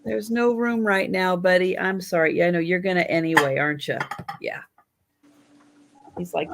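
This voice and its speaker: A woman's voice: lowish voice, steady tone, gravelly, noisy background. A woman hosting a live online sale, calling out bids and patiently explaining each item. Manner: slow, patient, explaining items. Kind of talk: live-stream auction chat.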